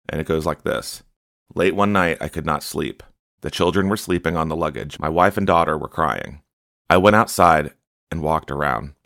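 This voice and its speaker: Deep gravelly man reading a prophecy. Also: a bit bright, no room sound, clean studio sound. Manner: earnest, exhorting listeners. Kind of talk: reading aloud with commentary.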